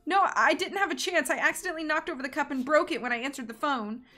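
A woman reading aloud, voicing an emotional young fashion designer who turns shrill when upset. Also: fast, pushed and bright, soft background music. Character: frantic young woman fashion designer, grieving, quick-tempered.

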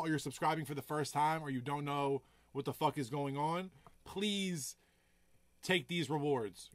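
A man producer chatting casually on a live stream, telling loose stories full of swearing and giving hyped shout-outs to viewers. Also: a little high, dry recording. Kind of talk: casual livestream chat. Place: home music studio.

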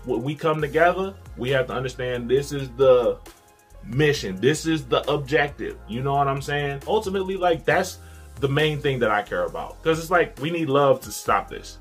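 A man's voice: medium pitch, a bit bright, slightly rough. A man hosting a reaction video who chats to camera in a rambling, joking way with laid-back slang. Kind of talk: casual chat to camera.

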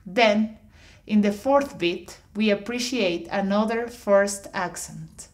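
A woman narrating an instructional audiobook, reading definitions in a measured, explanatory way. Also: medium pitch. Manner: measured, explanatory reading with slightly awkward phrasing.

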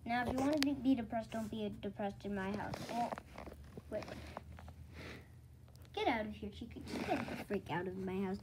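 A woman's voice: fairly high pitch, normal speed, long pauses, lightly acted. A woman voicing a blunt, grumpy parent figure who scolds and throws the kid out, in a homemade puppet skit, with a noisy home recording. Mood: scolding.

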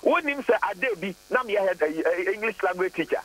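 Ghanaian guy on the phone to a radio show, emphatic, high animated voice. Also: a little fast. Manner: mixes English into talk, emphatic and defensive. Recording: tinny phone line with hum.

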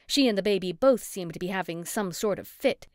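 A woman reading a first-person cozy mystery audiobook with steady, clear storytelling. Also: medium pitch, fairly quick, no echo, clean studio sound. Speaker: audiobook narrator.

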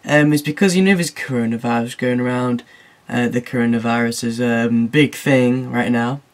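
A man's voice: mid-range voice, moderate pace. A teenage boy talking casually in a vlog, rambling and jokey, often laughing at his own remarks. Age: teens. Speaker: YouTuber.

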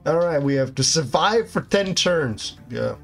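A man's voice: fairly high pitch, lively intonation, measured pace, gravelly, a bit bright, slightly rough, soft background music. A man playing a video game, reading its text aloud and reacting casually to the fights. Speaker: gameplay commentator.

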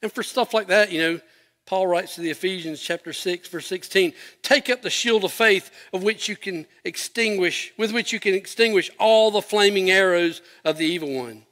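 Male pastor mid-sermon, lively scripture delivery, bright and ringing tone. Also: high-pitched, normal speed, long reverb tail. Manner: animated preaching, acting out Bible quotes with rising, emphatic voice.

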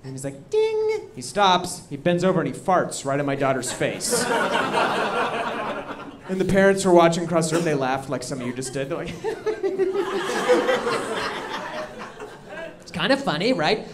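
A man telling a stand-up story in a comedy club, lively and mock-outraged. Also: fairly high pitch, fairly quick. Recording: loud background noise.

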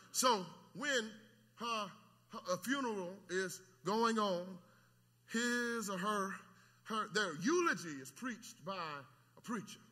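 A man preaching in a church, his voice pitched very high and ringing bright. He swings from quiet explaining to full-throated shouting and repeats words as he builds. The sound carries a long hall reverb. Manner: swings between soft teaching and loud shouted preaching; stammering repetitions, call-and-response with the congregation. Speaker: pastor. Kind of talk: sermon. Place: church sanctuary.

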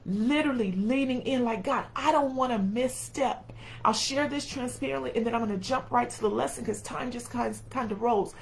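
Middle-aged woman preacher, slightly high, gravelly, folksy, talks straight to the congregation. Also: brisk, hardly any pauses, rough recording. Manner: folksy, calls on the congregation, acts out quotes. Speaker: preacher and educator. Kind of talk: sermon.

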